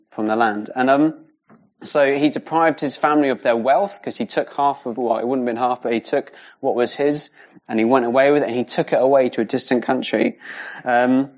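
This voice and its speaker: A man gives an informal Bible teaching. He talks in a loose, rambling way and often checks in with "yeah?". The recording sounds a little dull and lo-fi. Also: medium pitch. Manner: casual, rambling, with many fillers and tag questions. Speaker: Bible study leader.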